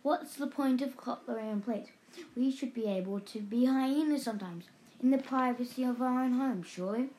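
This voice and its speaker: A woman's voice: fairly high pitch, moderate pace, mellow, voice pushed up, lightly acted. A woman voicing a boisterous, homesick father hyena in a storybook reading, speaking emphatically. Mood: wistful.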